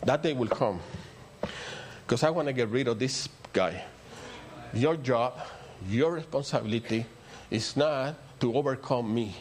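A man's voice: mid-range voice, measured pace. An older man with a Spanish accent, a native Spanish speaker, preaching a rambling, story-filled sermon that builds to emphatic peaks. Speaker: pastor.

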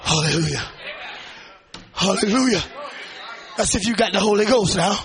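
A man preaching a fervent sermon, shouting and calling out hallelujah between lines, then dropping low to tell a story. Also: lively intonation, moderate pace.

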